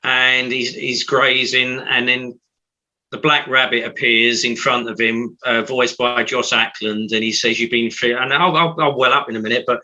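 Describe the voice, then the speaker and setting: A man's voice: medium pitch, level tone, normal speed, sharp tone, highs cut off. A man guesting on a casual film podcast, sentimental, often stammering and restarting his sentences.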